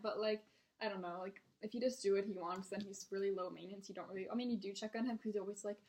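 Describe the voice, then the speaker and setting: A young woman who works as a server vents about her customers in a casual storytime. Her voice sits at a mid pitch, and she talks bluntly, exasperated, with plenty of swearing. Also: steady tone, fast talker, darkish tone. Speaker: restaurant server vlogger.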